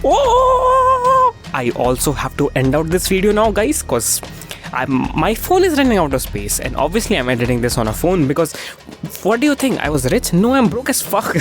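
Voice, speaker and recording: Lively young YouTuber narrating jokingly. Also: mid-range voice, fairly quick. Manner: jokey, profane, playful swings in tone. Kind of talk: comedic commentary narration. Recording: faint music behind the voice.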